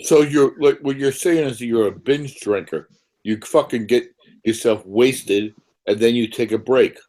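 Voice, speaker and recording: A man's voice: medium pitch, measured pace, warm tone. A man hosting a casual chat, blunt and swearing as he presses with questions.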